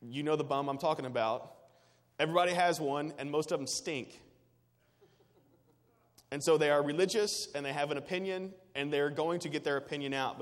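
A man's voice: fairly high pitch, in a large hall. A man preaching a sermon as pastor, earnest and emphatic, with repetitive phrasing.

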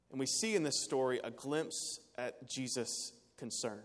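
A man preaching a sermon in an earnest way, rising to emphatic peaks and dropping quiet again. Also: mid-range voice, a little slow, few pauses. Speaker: pastor. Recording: long reverb of a large hall.

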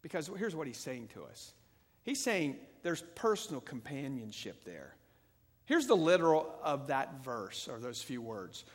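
A man preaching a sermon as pastor, moving between calm teaching and loud, fervent passages. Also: mid-range voice, moderate pace. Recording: long hall reverb.

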